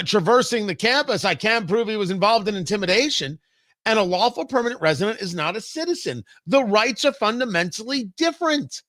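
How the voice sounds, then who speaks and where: A man hosting a political talk show, delivering opinionated commentary with sarcastic jabs and quick low asides. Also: dry recording, studio quality. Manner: animated, sarcastic, swings between loud jabs and low asides. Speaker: radio talk show host.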